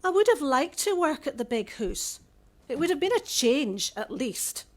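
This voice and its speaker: A woman's voice: high voice, very animated, normal speed, voice pushed up. A woman reading as a sulky teenage girl. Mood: wistful.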